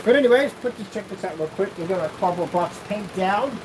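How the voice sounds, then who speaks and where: A man rambling through a casual vlog while testing projection screen paint, animated, jokey and full of tangents. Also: high-pitched, brisk, noisy background.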